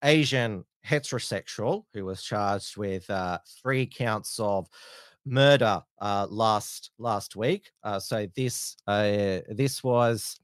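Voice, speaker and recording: A man hosting a casual live-stream news show, talking in halting bursts with many "uh" fillers and restarts. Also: fairly low pitch, smooth, dry recording, clean studio sound. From Australia.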